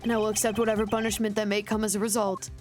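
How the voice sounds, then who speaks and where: Woman reading an arrogant old ambassador baddie, mid-pitched, game music underneath. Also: flat delivery, very fast, lightly acted. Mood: smug. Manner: condescending, calls his accuser boy. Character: smug arrogant older male ambassador villain.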